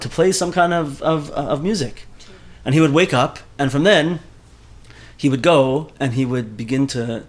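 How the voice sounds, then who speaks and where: Man teaching a Torah class. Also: mid-range voice. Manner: animated, mixes Hebrew terms into speech, repeats words often.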